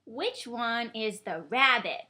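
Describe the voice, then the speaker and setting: A young mother in gentle, coaxing baby talk, praising her infant and now and then imitating animal sounds. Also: on the high side, expressive, slow pace, slight background noise. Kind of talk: baby talk with a seven-month-old.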